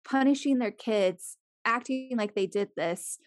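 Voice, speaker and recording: Animated young woman in casual chat. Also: a little high, measured pace, no echo, studio quality. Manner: animated, swearing, acts out quoted people in raised voices.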